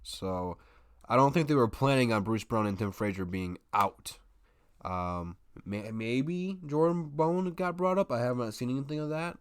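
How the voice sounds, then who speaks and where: This sports live stream host has a clear, resonant, mid-range voice that is expressive and moves at a normal speed, captured dry through a desk microphone. During his live basketball watch-party stream he chats casually with viewers, frequently restarting sentences.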